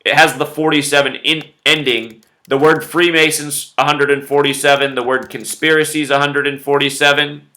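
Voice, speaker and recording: A man's voice: fairly high pitch, little pitch movement, moderate pace, hardly any pauses, bright, forceful tone. A man hosting a solo commentary video in a loose, conversational way, with musing asides and numbers repeated for emphasis. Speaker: video host.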